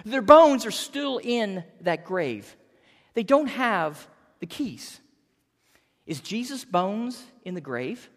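Pastor in their fifties, sermon, lively rising and falling voice, earnest, long church echo. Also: medium pitch, slow pace. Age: 50s. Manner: earnest, animated preaching with repeated words.

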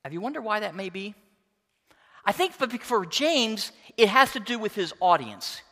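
A man preaching with a high, very lively voice that swoops up and down as he presses his points. His tone is bright and ringing, and a long hall reverb trails after his words. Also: normal speed. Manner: expressive preaching, emphatic, reads scripture aloud. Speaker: pastor. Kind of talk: sermon.

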